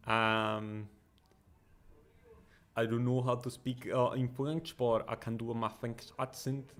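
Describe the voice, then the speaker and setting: A man hosts a football watchalong in a mid-range voice that is neither high nor low. He talks through the match in casual live commentary, excitable and chatty. He often fills pauses with ums and uhs. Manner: excitable, chatty, with frequent fillers.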